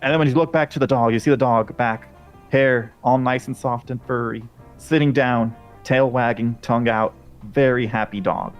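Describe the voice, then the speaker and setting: A man's voice: medium pitch, fairly even intonation, moderate pace, faint music behind. A man narrating a tabletop game as game master, describing scenes in a playful way.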